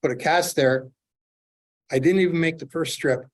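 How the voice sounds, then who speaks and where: A middle-aged man from Canada telling lively fishing stories while demonstrating fly tying to a club audience. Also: on the high side, moderate pace. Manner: animated storyteller, acts out his own excitement. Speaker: fly tier, presenter.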